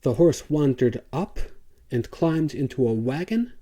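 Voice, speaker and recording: A man voicing a furious, loud male horse dealer in an audiobook. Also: fairly high pitch, big pitch swings, measured pace. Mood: raging. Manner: raging, loud.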